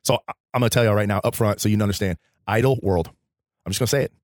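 Lively guy cohosting a church podcast, quick talker, lowish voice, dry close mic. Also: no room sound. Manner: animated, laughing, preacher-like. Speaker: podcast co-host. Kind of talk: faith podcast chat and Bible storytelling.

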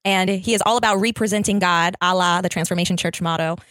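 Female co-host, faith podcast; upbeat, affirming, a touch low, dry close recording. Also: fairly even intonation, fast, fairly bright tone, dry recording. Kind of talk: casual chat and host introduction.

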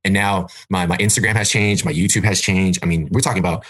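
A man's voice: sits low, fairly even intonation, quick pace, a bit bright. A man from California, guest on a faith podcast, sharing his testimony with enthusiasm. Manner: enthusiastic, hype. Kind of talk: casual testimony.

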